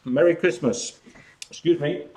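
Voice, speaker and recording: A man's voice: fairly high pitch, a little slow, warm tone, slight background noise. Chatty Australian man hosting a live chat. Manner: chatty, outgoing, talks while snacking. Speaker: cooking channel host.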